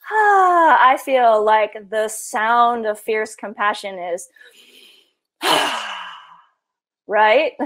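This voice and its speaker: A woman's voice: on the high side, fairly bright tone. A middle-aged woman psychologist leading a workshop in a casual, conversational way, full of "you know" and "like".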